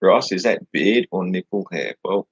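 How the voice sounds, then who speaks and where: A man's voice: deep voice, animated, normal speed, husky, no room sound, highs cut off. A man hosting a casual livestream, answering chat questions in a mocking, dismissive way and swearing now and then.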